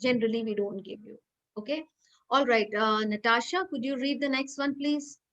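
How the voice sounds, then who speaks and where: A woman's voice: on the high side, normal speed, fairly bright tone, muffled recording. A woman teaching pronunciation over a video call, explaining rules patiently and quizzing students by name. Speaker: English teacher. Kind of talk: online class teaching.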